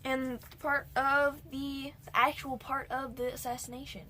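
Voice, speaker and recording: A woman's voice: high-pitched, little pitch movement, a little slow, bright, forceful tone, a little hiss or hum. A young woman casually recapping a movie for her vlog, rambling and jumping between points with whispered asides. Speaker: movie reviewer.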